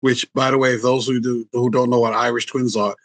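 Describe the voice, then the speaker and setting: A man's voice: medium pitch, brisk. A man in his sixties, a relationship coach, telling family stories in a casual interview and acting out quotes with a raised voice. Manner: animated, acts out quotes in a raised voice.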